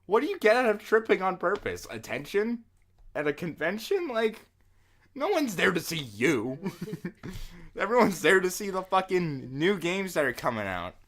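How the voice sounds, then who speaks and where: A young man co-hosting a casual podcast, telling stories in an animated way, swearing and laughing often. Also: high-pitched. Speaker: podcast co-host.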